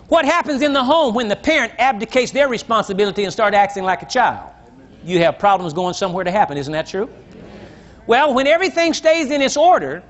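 Older male pastor, very high lively voice, emphatic teaching sermon, muffled lo-fi tape. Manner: emphatic preacher, slow drawn-out scripture reading, asks the congregation questions. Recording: dull lo-fi sermon recording.

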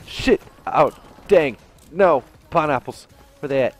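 A young man giving live commentary over a shooter game. His pitch leaps around in lively swings, and he talks at an unhurried, drawn-out pace between sudden yelps and laughs. Faint music plays behind him. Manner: excitable, yelps and laughs, jumps between loud and mumbled. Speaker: gaming commentator.

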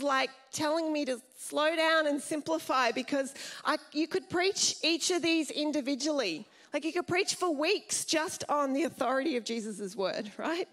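A woman pastor giving a sermon in a lively, chatty way, often asking the congregation questions. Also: high voice.

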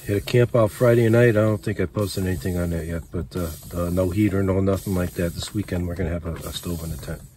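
Older guy, real low voice, rambling laid-back camp vlog in a tent, noisy in the background. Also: fast talker, hardly any pauses. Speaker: outdoors vlogger. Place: canvas teepee tent with wood stove, snowy woods. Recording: outdoor camp recording with steady background noise.

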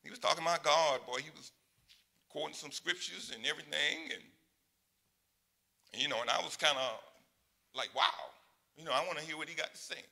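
A pastor in his sixties preaching a sermon in a conversational way, dropping to quiet asides and rising to loud, high exclamations. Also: very animated, brisk, creaky, long pauses. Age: 60s.

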